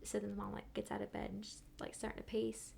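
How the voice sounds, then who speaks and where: A woman guest recounts events in a loose, chatty way, her voice often sliding into a gravelly fry. She gets animated and now and then drops to a hushed whisper. Her pitch sits in an ordinary middle range, with a faint hum of noise behind her. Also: fast talker. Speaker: podcast guest, midwifery student. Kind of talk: casual storytelling.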